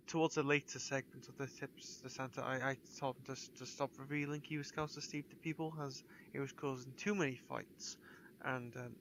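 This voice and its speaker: A man hosting a podcast in casual chat, rambling with many pauses. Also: mid-range voice, fairly bright tone, a little hiss or hum. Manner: rambling, many ums and restarts. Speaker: podcast host.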